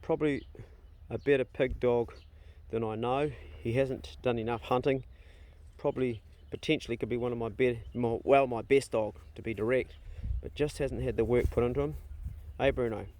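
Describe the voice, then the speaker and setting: A man's voice: mid-range voice, fairly even intonation, normal speed, a little mellow. A man, talking casually to his phone as he walks around his farm garden. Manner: laid-back, chatty, swears casually, talks to his dogs. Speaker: farmer vlogger. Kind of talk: casual walk-and-talk vlog. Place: farm garden and dog kennels, outdoors. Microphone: phone held while walking.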